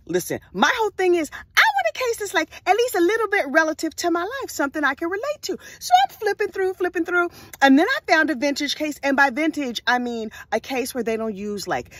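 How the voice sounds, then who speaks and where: A woman casually telling a true crime story in an animated way, full of sassy asides. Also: sits high, no echo.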